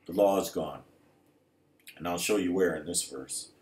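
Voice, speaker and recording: A man preaching a sermon emphatically, building to loud, intense passages. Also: sits low, moderate pace. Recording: roomy echo.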